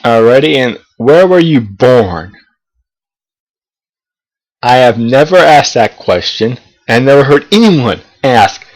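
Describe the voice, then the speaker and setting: On a low-quality recording, a young man in college talks to camera at a slow pace, pausing often, his mid-range voice sing-song. This casual talking-head vlog from the American South is rambling and profane, full of hesitant restarts.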